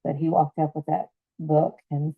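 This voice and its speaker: Animated storytelling grandmother with low voice. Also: normal speed, creaky, breathy edge, dry recording, narrow, tinny audio. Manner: animated, acts out quotes in the story. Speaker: podcast guest, grandmother. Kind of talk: casual conversational storytelling.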